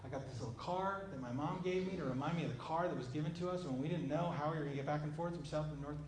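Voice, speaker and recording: A man preaching a conversational sermon, emphatic, swinging between loud and hushed passages. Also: a little high, rapid-fire. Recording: roomy echo with faint background noise.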